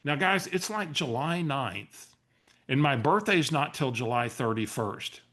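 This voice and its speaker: A man leading a coaching webinar, telling a story in an animated, restarting way. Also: medium pitch, a little slow. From San Antonio area, US. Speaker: real estate coach. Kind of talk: webinar training talk.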